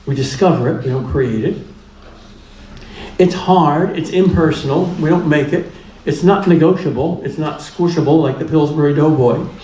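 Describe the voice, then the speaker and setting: A man's voice: fairly high pitch, normal speed, mellow, slight background noise. A man giving a public lecture in a plainspoken, humorous way, driving points home through repetition. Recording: echoey room with faint ambience.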